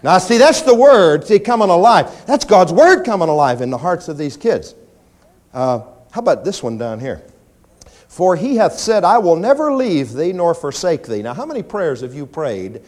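A pastor preaching a sermon in church, animated and often mimicking whining prayers. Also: male voice, normal speed. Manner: animated preaching, acts out pleading prayers in a high whine.

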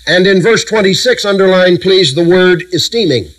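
In a sermon with poor audio, a middle-aged man's high, slightly bright voice walks listeners through Bible passages. He stresses points with emphatic lists and pauses in a measured way.

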